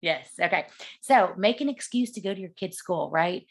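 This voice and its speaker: Speaking at a normal pace in a lowish, expressive voice with a breathy edge, a woman offers sales advice in a casual coaching talk. Her manner is chatty, and she performs the dialogue she's quoting.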